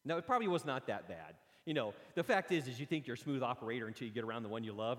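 A man preaching a sermon, telling lively personal stories and acting them out. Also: medium pitch, racing, hardly any pauses. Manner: animated storytelling, acts out his own stories. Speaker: pastor. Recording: long hall reverb.

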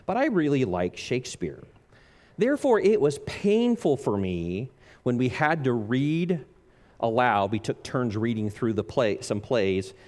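A man preaching a sermon in an earnest, measured way, slowing down and dropping low on key phrases. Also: darkish tone.

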